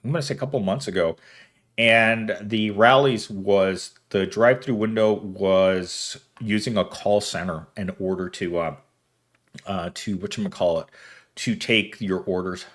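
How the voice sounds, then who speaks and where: A man's voice: fairly low pitch, steady tone, a little slow, a bit bright. A man, hosting a casual livestream, reading viewer comments aloud and rambling with frequent laughter. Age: 30s. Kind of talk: casual chat.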